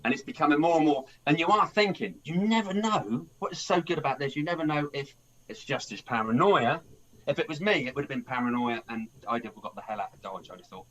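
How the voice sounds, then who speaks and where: This man speaks fast in a fairly high, animated, slightly bright voice, and the recording quality is low. He hosts a film podcast and retells a plot in a casual, rambling way, restarting often and acting out the characters' lines, as in a relaxed film review chat.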